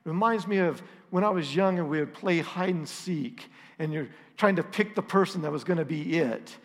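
A middle-aged male pastor with a slightly high voice tells a story in a relaxed, self-deprecating way. His voice rings out in a church hall with a long, trailing reverb. He talks easily, as if chatting with his people. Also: normal speed. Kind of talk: storytelling sermon.

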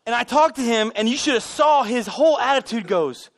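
A man preaching a sermon as pastor, telling animated stories with self-deprecating humor. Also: very high voice, brisk, hardly any pauses. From United States. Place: church sanctuary.

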